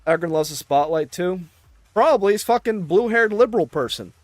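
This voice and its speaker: A man's voice: high voice, animated, fairly quick, dry recording, soft background music. A man ranting in casual chat, exasperated and swearing constantly.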